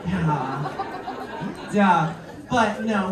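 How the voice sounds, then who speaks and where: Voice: medium pitch, expressive, drawn-out words, pauses often, a bit bright, distant mic, faint music behind. Playful stand-up comic in a roomy venue. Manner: playful, chatty, riffing with the crowd. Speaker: stand-up comedian. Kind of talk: stand-up comedy set. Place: live music venue before an audience. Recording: roomy live venue, mic from afar, crowd noise. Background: audience laughing and clapping.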